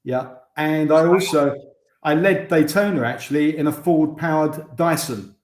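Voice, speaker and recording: A man's voice: a little high, measured pace, a little mellow. English man on a roomy video call. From England. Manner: chatty, restarts sentences. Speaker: guest, former racing driver. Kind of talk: casual interview chat.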